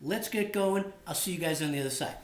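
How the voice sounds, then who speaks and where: A man's voice: fairly high pitch, fairly quick. Friendly guy walking through a recipe, casual, says man and dude, kinda roomy sound. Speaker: cooking channel host. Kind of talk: casual cooking vlog. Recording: echoey room.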